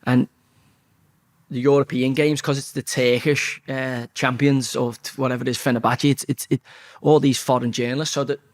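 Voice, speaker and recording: A man's voice: medium pitch, moderate pace. A man in his forties with a Scouse accent, a former footballer telling stories as an interview guest, swearing freely and acting out quotes. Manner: swears freely, lively anecdotes with acted-out quotes. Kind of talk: casual storytelling interview.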